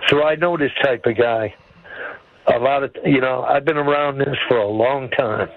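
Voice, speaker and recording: Over a dull phone connection, a creaky-voiced man in his seventies chats with a radio show, sounding blunt and folksy. His voice is mid-range and he talks at a moderate pace.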